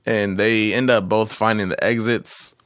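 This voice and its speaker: A young man co-hosting a podcast, chatting casually about a movie, animated and swearing freely. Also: on the low side, unhurried, smooth, no room sound. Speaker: podcast co-host.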